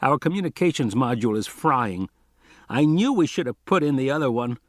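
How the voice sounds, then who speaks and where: A man's voice: mid-range voice, animated, brisk, no echo, studio quality, lightly acted. A man reading an audiobook, voicing a nervous, fretful male driver. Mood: worried. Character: jittery worried male driver.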